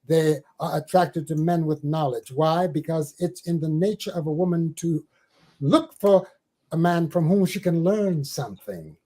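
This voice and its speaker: An older man from the Caribbean islands, a spiritual teacher telling stories in an interview, given to slow, theatrical recitation with big swells and drops. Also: on the high side, dark tone, low-quality recording. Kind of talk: storytelling and dramatic poetry recital.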